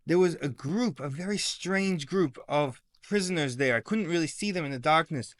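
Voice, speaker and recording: Picture a weary freed prisoner recounting his ordeal in a plain, earnest way, with a high voice, as a male teacher puts him on. The sound is dry and close, with little room around it. The delivery stays near an everyday speaking voice. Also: expressive, moderate pace, no room sound, natural voice.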